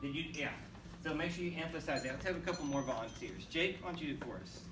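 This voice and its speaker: A man leads a school band class from across a bright, echoing room, his fairly high voice carrying over steady room noise. He counts beats aloud, calls on students by name and urges them on. The recording sounds distant and roomy. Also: quick pace. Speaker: band teacher. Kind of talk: classroom instruction. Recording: echoey room, voice from far off, noisy. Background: students and instruments.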